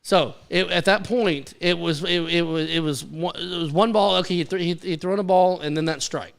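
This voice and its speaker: Higher-voiced man chiming in on a podcast. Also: moderate pace, creaky, clean tone. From American South. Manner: chimes in, backs up the story. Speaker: podcast co-host. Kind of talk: casual chat.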